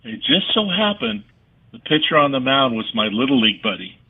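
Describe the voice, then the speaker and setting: A man's voice: mid-range voice, sing-song, brisk, slightly rough. A man from California, a guest on a radio interview, telling stories with animation and acting out the voices of the people he quotes. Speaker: guest, former ballplayer turned firefighter. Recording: phone-like radio line.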